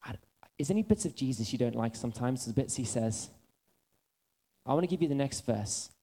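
A man in his thirties preaching a sermon, earnest and building to excited urgency. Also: medium pitch, a little fast.

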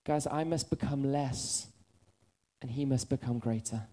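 A man in his thirties preaching a sermon, earnest and building to excited urgency. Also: medium pitch, a little slow.

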